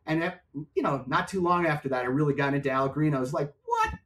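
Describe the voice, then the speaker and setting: An older man, a music and software executive, telling stories as a podcast guest and acting out other people's voices. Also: on the high side, fast, background noise. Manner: animated storyteller, acts out voices in anecdotes. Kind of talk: storytelling in a podcast interview.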